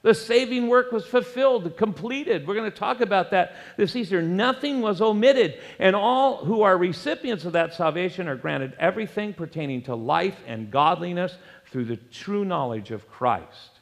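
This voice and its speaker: A man preaching a sermon as pastor, emphatic, with wide swings between loud, raised phrases and low, quiet ones. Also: lively intonation, normal speed, creaky, few pauses. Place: church sanctuary. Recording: long hall reverb.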